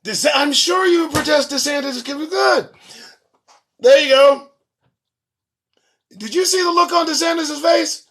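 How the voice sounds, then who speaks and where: A man's voice: very high voice, normal speed, vocal fry, pauses often, fairly bright tone. A man hosting his own show, reading news headlines and ranting about them in a profane, sarcastic way. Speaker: show host. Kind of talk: solo commentary on news headlines.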